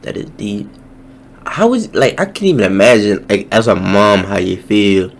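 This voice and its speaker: A man giving slangy, joking reaction commentary, his voice jumping high when surprised. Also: big pitch swings, normal speed, creaky, a little hiss or hum. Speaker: reaction YouTuber.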